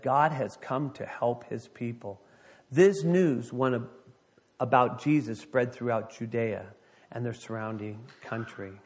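A middle-aged man preaching a sermon, an animated storyteller who reads scripture and acts out the voices of people in his stories. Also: mid-range voice. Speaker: pastor.

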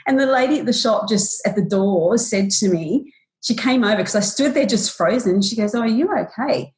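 A woman in her forties, a podcast guest, retelling a painful personal story in a halting, emotional way with many restarts, raising her voice when she acts out what people said. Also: mid-range voice, lively intonation, darkish tone. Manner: acts out quoted lines in a raised voice.

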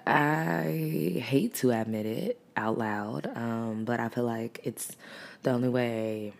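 A woman's voice: a bass voice, steady tone, takes it slowly, creaky. A woman hosting her own podcast, talking in a rambling, reflective, casual way with chatty asides. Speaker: podcast host. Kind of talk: casual solo podcast monologue.

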